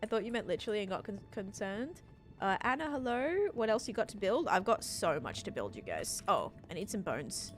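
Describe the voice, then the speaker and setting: Chatty young woman streaming with lively pitch. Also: fairly quick. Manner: chatty and rambling, many fillers, answers viewers. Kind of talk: casual live-stream chat, reading chat aloud. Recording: faint music behind voice.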